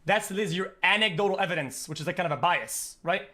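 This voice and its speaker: Young man, streamer host, high bright voice, rapid-fire, stammers and rambles, blunt. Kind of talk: heated stream debate.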